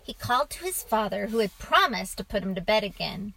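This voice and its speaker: A woman narrating a children's storybook in a calm, even reading voice. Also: medium pitch, brisk, gravelly, poor audio.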